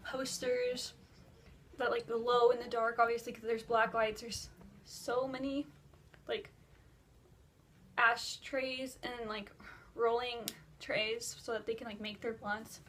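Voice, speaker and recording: Teen girl, high voice, rambling storytime, constant "like" fillers, faint hiss behind. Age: teens. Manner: breathless and animated while retelling a dream. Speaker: vlogger. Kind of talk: casual storytime chat.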